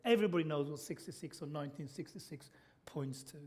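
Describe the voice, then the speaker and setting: A man's voice: a little high, fast talker, a little mellow. A man preaching a sermon in church, chatty and informal, often asking the congregation questions and saying "okay". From Britain.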